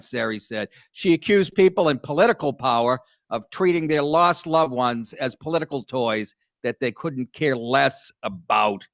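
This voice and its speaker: A middle-aged man hosts a comedy show, his voice sitting a bit high for a man. He reads headlines and tears into them with crude, sardonic asides, recorded close and dry with no room echo. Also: fairly bright tone. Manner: sardonic, crude, reads news aloud then mocks it. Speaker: comedy talk show host. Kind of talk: profane comic riffing on news stories.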